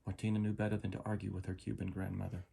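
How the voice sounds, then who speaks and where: A man reading a children's story aloud as a lesson, gentle and explaining. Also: deep voice, level tone, rapid-fire, gravelly, husky. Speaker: reader.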